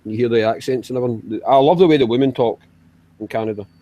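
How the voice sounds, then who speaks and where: A man's voice: mid-range voice, quick pace, dark tone, muffled recording. A man chatting casually, hesitant and often repeating words. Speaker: chat participant. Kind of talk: casual chat.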